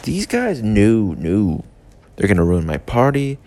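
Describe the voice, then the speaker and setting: A man's voice: lowish voice, wildly swooping pitch, a little slow, darkish tone. A man, intoxicated, delivering a rambling, profane comedic rant in a mock-serious tone.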